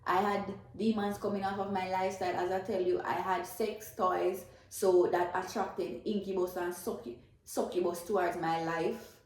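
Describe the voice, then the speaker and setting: A woman's voice: lowish voice, flat delivery, normal speed, few pauses, darkish tone. A woman with a Jamaican accent giving an earnest, emotional faith testimony, repeating herself as she tells it. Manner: earnest, emotional storytelling with repetitions. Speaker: testifying believer. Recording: very echoey room.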